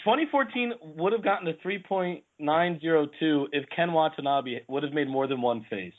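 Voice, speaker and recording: Deadpan joking man, tinny audio. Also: a little high, moderate pace. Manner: deadpan, spiteful jokes. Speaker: podcast panelist. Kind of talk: casual podcast chat.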